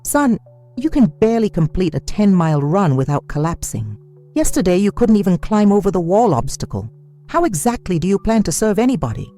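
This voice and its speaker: Guy doing a mean drill sergeant, yelling up high, sneering, lively swings. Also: fairly quick. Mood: barking, mocking. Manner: barking, scornful. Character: harsh mocking male drill sergeant. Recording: soft music behind.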